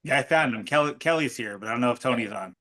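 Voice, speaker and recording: Bright, enthusiastic man on a call. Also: mid-range voice, expressive, fast. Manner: enthusiastic, rambling. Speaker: host.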